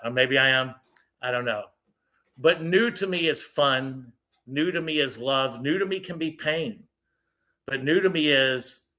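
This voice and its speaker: Bright-voiced middle-aged man telling stories. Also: mid-range voice. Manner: animated, jokey, shifts between quick asides and slow reflective lines. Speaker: storyteller on a faith show. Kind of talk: casual personal storytelling. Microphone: video call.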